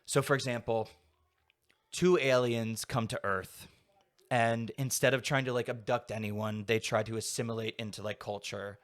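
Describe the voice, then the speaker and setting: A man's voice: mid-range voice, fairly even intonation, normal speed. A young adult man talking casually as a podcast guest, rambling and filling his sentences with "like". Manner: rambling, heavy use of "like" fillers. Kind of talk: casual conversation.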